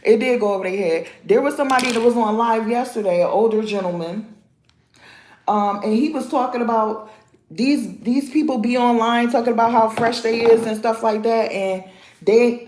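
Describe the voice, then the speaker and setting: A woman in her thirties chatting casually on a live stream, animated and talkative, calling out her viewers by name. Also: fairly high pitch, moderate pace, reverberant, slight background noise. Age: 30s. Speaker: vlogger talking to live chat.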